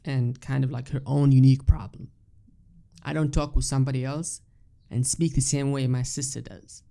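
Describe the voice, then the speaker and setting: Gravelly young man with an Arabic accent. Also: mid-range voice, fairly even intonation, normal speed, dark tone. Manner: rambling, full of fillers and restarts, swears casually. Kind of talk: casual monologue.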